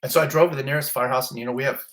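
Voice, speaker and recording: A middle-aged man, a fire captain, telling a story in a casual interview, animated and self-mocking as he acts out what people said. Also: mid-range voice, rapid-fire.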